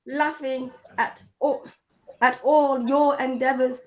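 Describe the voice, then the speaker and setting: A woman reading a scripture verse aloud in a slow, deliberate recitation during a spiritual discussion. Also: high voice, steady tone, poor audio. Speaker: verse reader.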